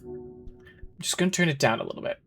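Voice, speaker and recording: A woman's voice: low voice, lively intonation, normal speed, a bit bright. Chatty rambling streamer woman. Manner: rambling and chatty, heavy use of filler like; giggly, gasps and exclaims at the screen. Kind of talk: casual live-stream chat while playing a game. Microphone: headset. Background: faint game music.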